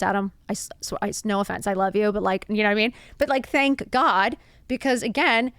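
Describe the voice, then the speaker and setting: A woman's voice: mid-range voice, dry recording. Earnest woman giving a motivational talk. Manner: earnest, confiding, heavy use of "like" and "right?"; rhetorical questions. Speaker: podcast host.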